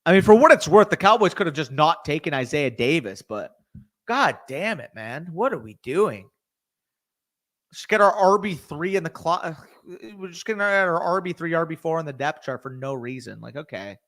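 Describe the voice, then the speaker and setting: Excitable young man hosting a live stream. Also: fairly high pitch, moderate pace. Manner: excitable, swears freely, talks to chat. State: tired, hiccuping. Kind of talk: casual live-stream commentary.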